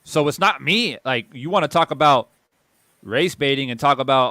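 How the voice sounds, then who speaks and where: A man's voice: medium pitch, normal speed, bright, forceful tone, no echo. A man hosting a boxing channel, delivering a heated opinion monologue and repeating phrases for emphasis.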